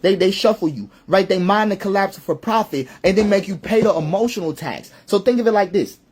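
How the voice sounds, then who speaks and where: A man's voice: high voice, brisk, a little mellow, breathy edge. A man delivering an impassioned spoken monologue. He speaks emphatically, asks rhetorical questions, reels off lists and repeats phrases for effect, and sometimes stops and restarts mid-sentence. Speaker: social commentator.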